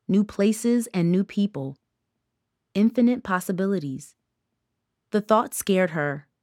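A woman reading an audiobook with measured, even storytelling narration. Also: fairly low pitch, no echo, clean studio sound. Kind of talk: scripted narration.

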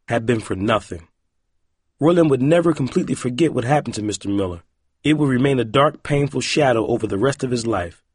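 A man reading a young-adult novel aloud with expressive narration. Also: mid-range voice, breathy edge, no echo, studio quality. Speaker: audiobook narrator. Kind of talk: scripted narration.

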